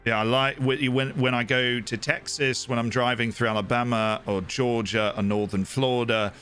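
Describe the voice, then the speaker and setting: A chatty American man talks casually through a livestream in a bright, forceful voice at a middling pitch. He jokes as he answers his viewers, with faint music underneath. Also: steady tone, moderate pace, clean tone. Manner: chatty and joking, answering chat. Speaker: streamer.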